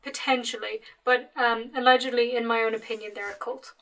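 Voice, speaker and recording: A young woman guest on a casual podcast, her voice bright and slightly higher than average. She speaks playfully, teasing and hedging with filler words and little backtracks. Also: steady tone, brisk.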